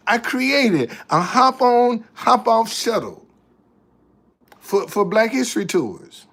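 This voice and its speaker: A man with a gravelly, creaky voice tells stories slowly and unhurriedly. He is a tour guide chatting casually to the camera. He circles back, repeating and restarting phrases as he goes. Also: very high voice, sing-song, a bit bright.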